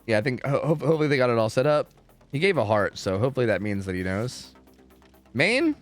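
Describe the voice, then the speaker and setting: Animated, profane young male streamer. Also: mid-range voice, fast, soft background music. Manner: profane, animated and ranting, talks to chat. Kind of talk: casual livestream chat.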